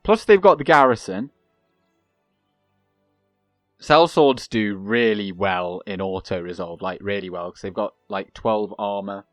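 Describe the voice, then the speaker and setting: Chatty guy, low dry voice. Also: moderate pace, no room sound, soft background music. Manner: rambling and chatty, laughs often. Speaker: gaming channel host. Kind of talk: let's play commentary.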